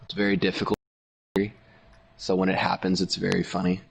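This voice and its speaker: A man's voice: sits low, completely flat delivery, creaky, breathy edge. A young man chatting casually with a friend, telling profane, rambling stories. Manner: rambling, profane storytelling with quick impressions of others. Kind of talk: casual chat.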